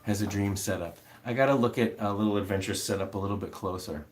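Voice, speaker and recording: A man's voice: lowish voice, fast, a little hiss or hum. A man hosting a casual livestream, rambling with many fillers as he answers viewer comments. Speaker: livestream host.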